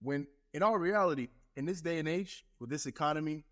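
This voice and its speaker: A man's voice: fairly high pitch, a little fast. A man who is a guest on a casual podcast, giving blunt, matter-of-fact advice with some swearing.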